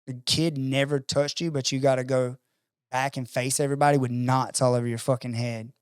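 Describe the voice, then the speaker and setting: A man's voice: medium pitch, a little fast, smooth, no room sound, clean studio sound. A man telling a personal story in a casual conversation, acting out other people's voices and swearing freely. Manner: animated storyteller acting out quoted voices, profane. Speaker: podcast guest.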